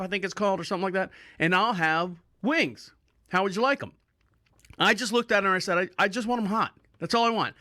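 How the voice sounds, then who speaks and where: A man's voice: high voice, bright, forceful tone, dry recording, studio quality. A man hosting a podcast, telling a rambling story in casual talk, swearing freely and laughing often. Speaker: podcast host.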